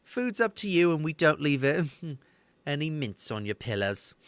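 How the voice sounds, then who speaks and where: A man's voice: a little high, very animated, moderate pace, clear, resonant tone, dry recording. A man voicing a smug, bossy male halfling bandit lieutenant who sounds laid-back as he gives orders.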